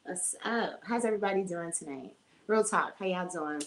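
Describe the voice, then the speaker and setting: A podcast host in her forties runs a casual live-streamed show, her voice on the low side at a moderate pace. She chats freely, greets viewers by name, and laughs often.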